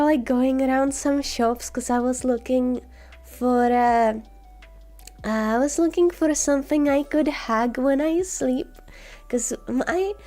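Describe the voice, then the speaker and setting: A woman streamer chatting casually in a soft, slow, cozy way while sick with a scratchy, sore throat. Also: high-pitched. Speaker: vtuber streamer. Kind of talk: casual chat.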